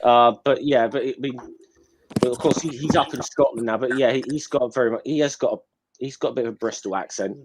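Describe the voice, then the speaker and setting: A man's voice: medium pitch, quick pace, background noise. A man chatting casually on a quiz podcast, hesitant and full of restarts.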